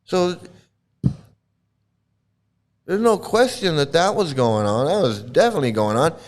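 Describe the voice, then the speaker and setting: An older man talks off the cuff in a fairly high voice, blunt and profane, circling back over his points with many restarts. It sounds like casual solo commentary. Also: sing-song, a little fast.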